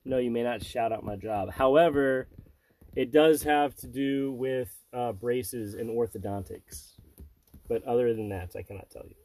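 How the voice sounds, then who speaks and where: A man's voice: medium pitch, measured pace, darkish tone. A middle-aged man hosting a casual family podcast with his child, joking and rambling. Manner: joking, rambling, silly asides. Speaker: podcast host and father.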